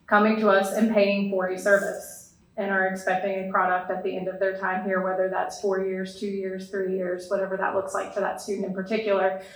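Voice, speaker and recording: A woman's voice: medium pitch, fairly bright tone. A woman who teaches counselor education, giving an earnest, explanatory academic presentation to an audience, with a touch of dry humor. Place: lecture room with an audience. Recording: echoey room, voice from a distance.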